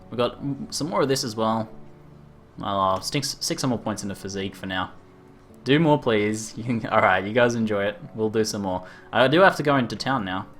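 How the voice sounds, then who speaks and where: A man's voice: mid-range voice, a bit bright. Chuckling male game streamer. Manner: laid-back, chuckling, chatting with viewers. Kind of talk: casual live gameplay commentary.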